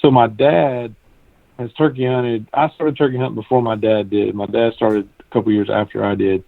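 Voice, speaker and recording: A man from the American South tells hunting stories in an easygoing way, backtracking and restarting as he goes. His voice has a gravelly edge. It comes through a tinny phone line that sounds dry and close. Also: medium pitch, steady tone, moderate pace, no echo. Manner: drawling, easygoing storyteller with many restarts. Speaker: guest hunter. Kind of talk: casual live-stream conversation.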